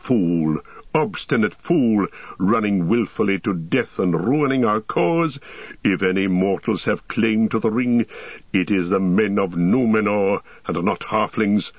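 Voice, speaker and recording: A man's voice: on the low side, a little slow, no echo. A man voicing a proud, volatile tall warrior who speaks in an impassioned, declamatory way. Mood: furious. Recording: dull, dry audiobook recording.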